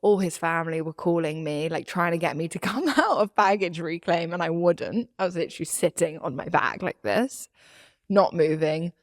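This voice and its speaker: A young woman co-hosting a podcast, telling a personal story in casual chat, animated and laughing as she acts out quotes. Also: on the low side, moderate pace, dry recording, clean studio sound. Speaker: podcast co-host.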